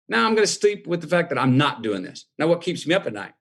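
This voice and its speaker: A man's voice: a little high, animated, fast, hardly any pauses, a bit bright. A man, telling a life story in a drawling, folksy way and acting out the voices he quotes. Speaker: guest. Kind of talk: storytelling conversation.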